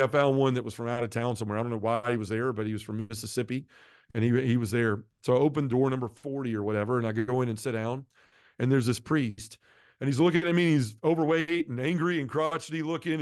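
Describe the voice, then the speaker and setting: A man's voice: medium pitch, fast, dry recording, studio quality. A man giving an earnest personal testimony as a guest, telling his story and acting out the dialogue along the way. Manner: earnest, acts out quoted dialogue. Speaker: podcast guest.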